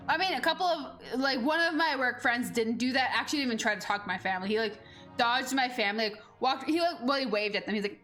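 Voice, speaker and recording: A young female gaming streamer tells a rambling story while chatting casually over gameplay, peppering it with "like." Her voice is fairly high, brisk, and a bit bright, with soft music in the background.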